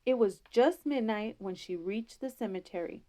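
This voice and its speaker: A woman storyteller, telling a folktale in an expressive, homey way in a school library. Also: medium pitch, moderate pace.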